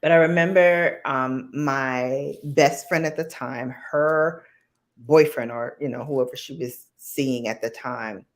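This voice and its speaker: A woman with a notably low voice chats as a guest on a livestream. She tells stories at an easy pace, filling pauses with plenty of ums. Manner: chatty storyteller, many ums. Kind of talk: casual livestream chat.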